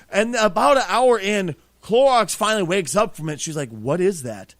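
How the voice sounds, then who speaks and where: Animated, profane man telling a story. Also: high voice, a little fast, few pauses, dry recording, clean studio sound. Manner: profane, animated, acts out quotes. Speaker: podcast host. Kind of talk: casual storytelling.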